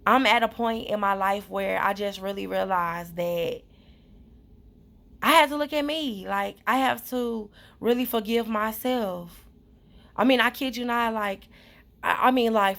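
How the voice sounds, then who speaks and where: A woman's voice: mid-range voice, a bit bright. A woman vlogger talking earnestly and rambling, with many fillers and repetitions, in a casual heartfelt monologue.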